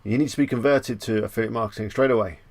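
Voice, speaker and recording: Male live stream host, gravelly voice, dry close sound, relaxed and chatty, answers viewers as he goes. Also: fairly low pitch, quick pace, no room sound. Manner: chatty, reads viewer comments aloud and answers them; jokey, self-amused asides. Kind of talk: casual live stream chat.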